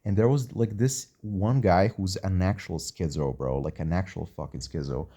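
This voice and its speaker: A man's voice: deep voice, normal speed, warm tone, husky. A man telling a rambling, slangy story in a casual way, swearing a lot.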